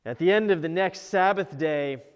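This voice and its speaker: An aging fisherman looks back and tells his story in the first person, voiced by a preacher. The voice sits a bit high for a man and is reflective in manner. A long reverb hangs after each phrase. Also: moderate pace, clear, resonant tone, lightly acted. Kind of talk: first-person narrative sermon.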